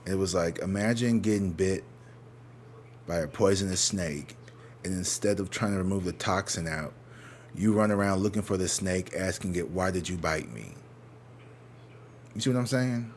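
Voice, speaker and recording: A man's voice: sits low, normal speed, a little mellow, a little hiss or hum. A man giving a casual tarot reading at home, talking in a candid, profane, rambling way and breaking into exaggerated mocking voices when he quotes people. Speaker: tarot reader. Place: his own living room.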